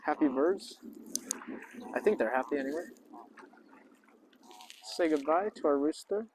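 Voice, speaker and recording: A man's voice: animated, measured pace, darkish tone, a little hiss or hum, rough recording. A man vlogging outdoors at a lakeside park. He chats casually and playfully and keeps greeting the birds in a raised voice, with faint honking of geese behind him. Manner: chatty and playful, often talks to the birds in a high voice. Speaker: vlogger and English teacher host. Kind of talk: casual outdoor vlog narration. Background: geese and ducks honking faintly.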